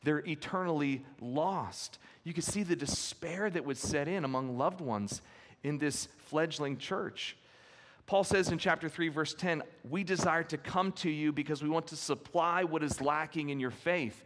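A pastor preaching an expository sermon, with an earnest, emphatic storytelling manner and key phrases repeated for weight. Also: male voice, on the high side, a little slow, a bit bright. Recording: long hall reverb.

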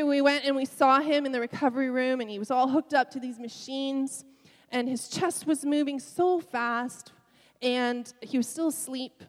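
A middle-aged woman pastor preaching a sermon, telling a personal story with emotion and soft laughs. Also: sits high, long reverb tail.

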